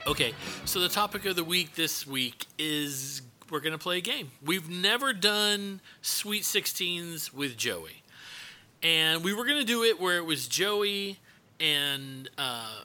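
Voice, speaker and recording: A man's voice: a little high, animated, slow, bright, forceful tone, soft background music. A man hosting a podcast in casual, joking banter, teasing his co-hosts. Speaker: podcast host.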